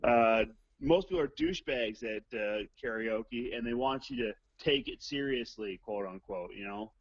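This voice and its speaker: At a medium pitch and ordinary pace, a male guest phones into a talk show, chatting casually, wandering off topic and joking crudely. His voice is dry and carried over a dull, low-fidelity phone line.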